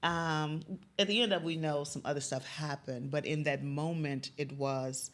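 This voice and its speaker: A woman's voice: low voice, fairly even intonation, measured pace. A middle-aged woman from Chicago's West Side, a youth mentor, telling a personal story of faith and loss, dropping to a near whisper when moved. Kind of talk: emotional personal interview.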